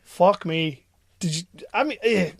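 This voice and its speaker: High-voiced jokey man on a podcast. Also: lively intonation, a little slow, vocal fry, slightly rough. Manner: jokey, laughs often, swears freely. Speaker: podcast co-host. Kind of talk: casual banter.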